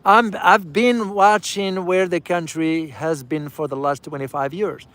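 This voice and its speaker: Emphatic high-voiced man vlogging on the move. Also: fairly even intonation, measured pace, a bit bright. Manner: emphatic, repeats key phrases for stress; speaks directly to viewers as "guys". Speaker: travel vlogger and commentator. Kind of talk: casual live-streamed travel commentary.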